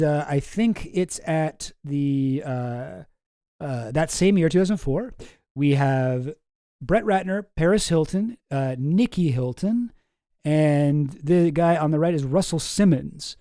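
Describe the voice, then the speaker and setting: A man's voice: fairly high pitch, mellow, no echo. A man streaming casual commentary from home, dry and skeptical, often trailing off into mumbles.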